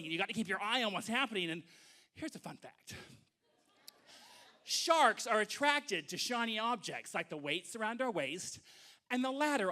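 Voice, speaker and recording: A man telling a comic story live on stage to an audience, animated and acting out voices. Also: high voice.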